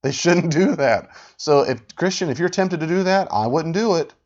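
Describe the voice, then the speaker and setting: A man hosting a podcast, talking with animated, sarcastic exasperation as he rebuts a video. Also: on the high side, moderate pace. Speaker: podcast host. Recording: dull lo-fi audio.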